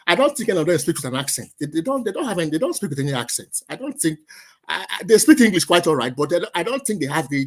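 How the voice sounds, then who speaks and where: Fast-talking man who stammers. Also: on the high side. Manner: repetitive, stammering restarts. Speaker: caller. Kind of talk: casual debate.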